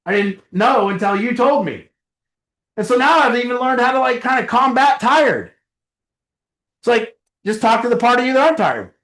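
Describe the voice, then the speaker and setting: A man's voice: very high voice, lively intonation, moderate pace, fairly bright tone, echoey room. A middle-aged man speaking casually to a recovery group in a meeting room, acting out little dialogues as he goes. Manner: conversational, acts out little dialogues with a chuckle. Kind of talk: casual motivational talk to a group. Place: meeting room with a small audience.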